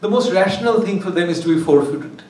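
A guest lecturer gives an academic lecture in an echoey hall, recorded far from the mic with faint ambience. His voice is high, fast, lively in intonation and a little mellow. He's discursive, restarts phrases and drops wry asides.

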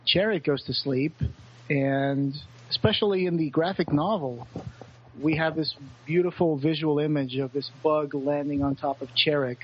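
A man co-hosting a podcast in casual book talk, halting and repeating words as he thinks. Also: a little high, muffled recording, slight background noise. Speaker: podcast co-host.

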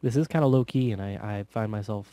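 A man's voice: fairly low pitch, fast talker, no echo. Sarcastic man joking through a game. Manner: sarcastic, joking, bursts of loud laughter. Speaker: gameplay commentator. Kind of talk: casual let's play commentary.

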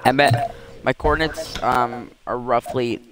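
A man's voice: mid-range voice, fairly even intonation, unhurried. Teasing man gamer on a noisy mic. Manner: teasing, playful trash talk. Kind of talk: casual gaming chat. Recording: noisy home recording.

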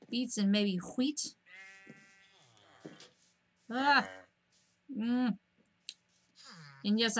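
A woman streaming a game at home, chatting to herself in a rambling, casual way and breaking into excited squeals at the animals. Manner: rambling, self-talking, bursts of high squeals at animals.

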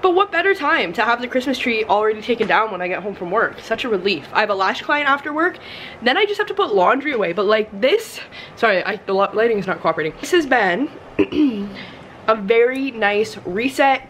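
A woman's voice: fairly high pitch, sing-song, a little fast, fairly bright tone, a little hiss or hum, rough recording. A young woman, chatting casually to her camera as a lifestyle vlogger and filling her talk with "like.". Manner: chatty, rambling with frequent "like" fillers. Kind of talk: casual vlog chat.

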